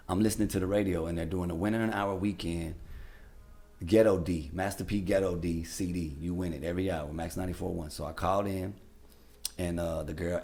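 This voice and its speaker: A man's voice: low-pitched, gravelly. A man who works as a radio DJ, telling stories casually as a podcast guest and acting out the people in them. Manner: animated, acts out the people in his stories. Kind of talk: casual storytelling.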